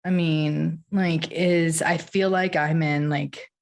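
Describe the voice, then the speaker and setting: A woman's voice: low-pitched, steady tone, slow. A woman co-hosting a podcast in casual chat, talking in a scattered way and correcting herself often. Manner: scattered, self-correcting, many backchannels. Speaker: podcast co-host.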